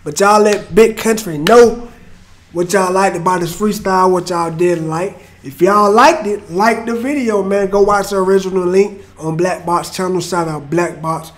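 A man's voice: sits high, normal speed. A man hosting a reaction video, reacting to a freestyle in laid-back slang and hyping up the rapper. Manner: laid-back slangy hype, calls people bro. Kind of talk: casual reaction commentary.

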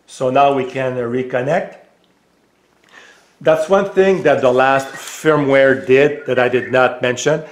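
French-accented man, echoey home room. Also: mid-range voice. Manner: hesitant, many filler pauses; raises voice for voice commands. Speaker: tech reviewer. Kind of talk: casual product demo.

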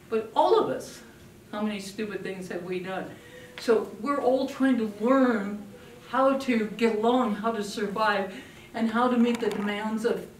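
An older woman speaks to an audience about raising children, telling animated stories and playing out what her kids said. Her voice reaches the mic from a distance in a roomy, echoing space, with faint noise under it. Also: medium pitch. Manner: lively storytelling, acting out quoted family voices. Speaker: parenting speaker. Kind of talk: talk to an audience.

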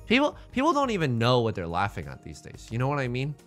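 A man's voice: mid-range voice, wildly swooping pitch, fast, fairly bright tone, soft background music. A young man chatting casually on his livestream, rambling and joking, often restarting phrases and swearing. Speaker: streamer.

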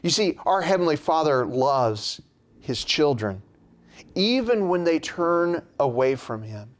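A man preaching a sermon in a slow, measured way, his pitch dropping at the end of phrases. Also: big pitch swings.

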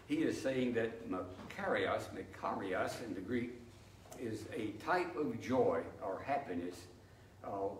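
A man's voice: medium pitch, a little hiss or hum. Echoey older man teaching Bible study. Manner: folksy, explanatory, tells anecdotes. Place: church sanctuary. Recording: echoey, distant, faint ambience.

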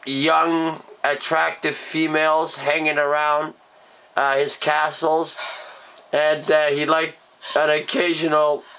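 A man from Canada doing a sarcastic comedy rant as a vlogger, fake sobbing and shouting. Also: a little high, gravelly, slight background noise. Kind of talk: mock-grieving comedy rant.

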